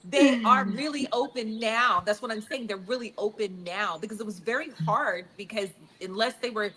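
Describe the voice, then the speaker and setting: A woman hosting a casual talk show and telling animated stories. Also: on the high side, moderate pace, slight background noise, rough recording. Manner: chatty storyteller, animated anecdotes. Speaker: host. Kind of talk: casual chat.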